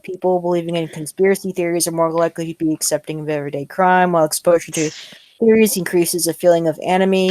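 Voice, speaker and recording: A young woman leads a casual group chat on her podcast. Her voice sits a little low, and she reads an article aloud haltingly, with plenty of ums and blunt, dismissive comments. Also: a little mellow. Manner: hesitant, filler-heavy, blunt dismissive remarks. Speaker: podcast host.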